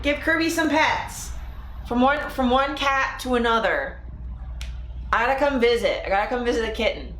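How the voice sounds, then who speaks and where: A woman hosting a casual live stream, talking to chat viewers in a profane, animated way. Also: fairly high pitch, a little fast. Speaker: livestream host. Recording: echoey room with faint ambient noise.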